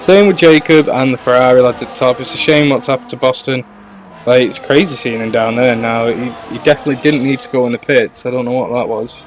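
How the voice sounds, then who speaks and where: A man's voice: mid-range voice, steady tone, quick pace, slight background noise. A man, the league's owner, giving chatty live commentary on a sim race and talking to viewers and his co-host.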